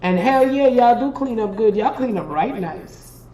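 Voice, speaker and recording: Woman as live-stream host, slightly high voice, emphatic, preachy, profane, talks straight to her viewers. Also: expressive, measured pace, mellow, slight background noise, rough recording. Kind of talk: motivational live-stream pep talk.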